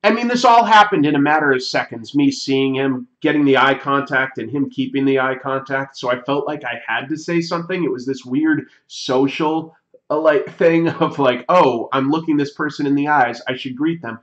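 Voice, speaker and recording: A man's voice: mid-range voice, normal speed, a bit bright, lo-fi sound. A man who says he is sick, hosting a drawing livestream and chatting casually with many fillers. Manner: rambling, many fillers and restarts. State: sick, coughing. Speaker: comic artist livestream host. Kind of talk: casual chat while drawing.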